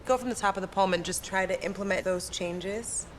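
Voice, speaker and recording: A woman's voice: mid-range voice, brisk. A woman poetry coach giving direct, demanding instructions in rehearsal. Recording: noisy room, mic from afar.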